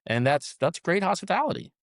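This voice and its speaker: A man guest on an interview podcast, telling animated stories and often ending his points with "right?". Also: high-pitched, brisk, no echo, studio quality. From South Florida. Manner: animated storyteller, tags many sentences with "right?". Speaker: restaurant management co-founder, guest. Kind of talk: conversational interview.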